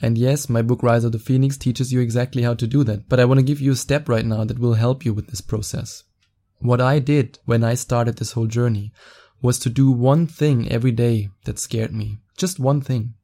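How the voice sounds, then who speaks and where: A young man with a medium-pitched voice hosts a podcast, giving excited advice in a fast-talking, casual solo chat and laughing easily.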